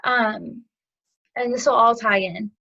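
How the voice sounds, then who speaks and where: A woman with a fairly high voice tells a story in an interview, animated and chatty and full of small fillers. She speaks as a yoga teacher sharing a lesson. The audio is a little muffled and lo-fi. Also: takes it slowly. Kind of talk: storytelling a parable in conversation.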